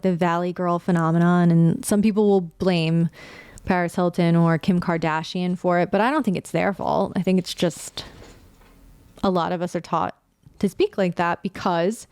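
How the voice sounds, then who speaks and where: Brief: woman podcast host, late 20s-30s, casual and candid, smooth clear tone, dry close mic. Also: lowish voice, dry recording. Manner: candid, animated, swears casually.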